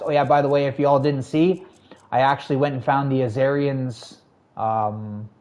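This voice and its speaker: With a medium-pitched, slightly mellow voice, this man chats casually with viewers while streaming a game. He's laid-back and talkative, greeting people and answering chat messages with frequent laughs.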